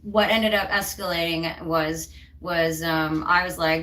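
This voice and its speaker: Woman, co-host, casual chat, heated and emphatic, bright tone, distant mic. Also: sits low, steady tone, a little slow.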